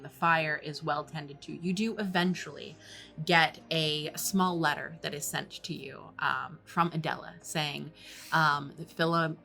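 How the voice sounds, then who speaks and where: A woman narrating a tabletop game as game master, unhurried and full of ums. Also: low-pitched, pushed and bright.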